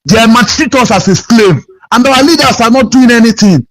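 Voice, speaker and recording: A man's voice: extremely high pitch, expressive, moderate pace, fairly bright tone. A Nigerian man calling in to a radio show, complaining in an aggrieved, repetitive, pleading way over a phone line. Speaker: caller.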